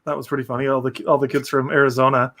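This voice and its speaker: A man's voice: mid-range voice, level tone, rapid-fire, a bit bright. A young man hosting a casual movie review podcast, rambling with frequent restarts. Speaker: podcast host.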